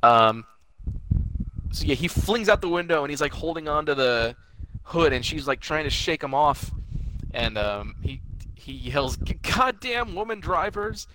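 Male podcast co-host, bright forceful tone, rambling excited movie recap, faint background hiss. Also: medium pitch, unhurried, long pauses, poor audio. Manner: rambling, excited scene-by-scene retelling. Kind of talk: casual movie review chat.

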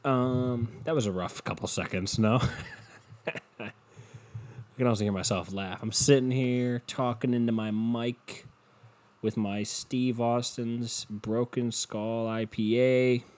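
A man's voice: medium pitch, fairly even intonation, slow pace, a little mellow. A young man hosting a solo podcast into a cheap desk mic at home, rambling in a crude, self-mocking way with lots of swearing. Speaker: podcast host. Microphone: cheap desk mic, headphones.

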